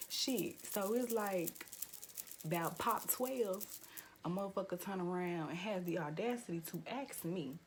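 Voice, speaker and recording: A young woman vlogger telling a profane, animated story-time rant with lots of "like" fillers, jumping into high, loud quoted lines. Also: slow pace, a little hiss or hum. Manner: acts out quotes in sudden high, loud bursts.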